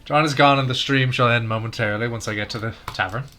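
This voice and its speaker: Teasing bright-voiced male streamer. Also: mid-range voice, quick pace, soft background music. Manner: teasing, laughs often. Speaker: streamer playing and commentating. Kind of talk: casual chat while gaming.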